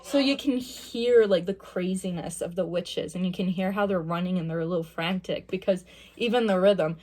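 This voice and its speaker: A woman's voice: on the low side, moderate pace, darkish tone, slight background noise. Chatty young woman, music student. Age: young adult. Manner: chatty, thinking aloud, analytical. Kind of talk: casual listening reaction commentary.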